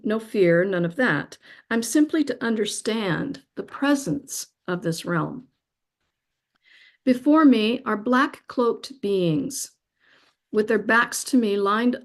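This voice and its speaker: A woman guest reading a spiritual account aloud in a slow, soft, reverent way, moved nearly to tears. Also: medium pitch. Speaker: guest speaker.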